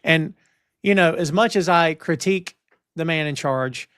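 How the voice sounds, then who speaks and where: A man's voice: on the high side, measured pace, fairly bright tone, clear, resonant tone, no echo, studio quality. A man co-hosting a podcast in casual chat, opinionated and emphatic, talking from a home setup on a stream. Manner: opinionated, emphatic, old-school wrestling talk. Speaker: podcast co-host.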